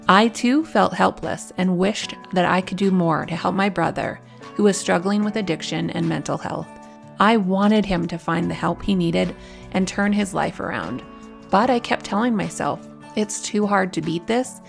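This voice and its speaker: A woman in her forties with a gravelly, creaky edge to her voice hosts her own podcast. She speaks candidly and with open emotion, sharing a personal story. Faint music sits low behind her. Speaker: podcast host.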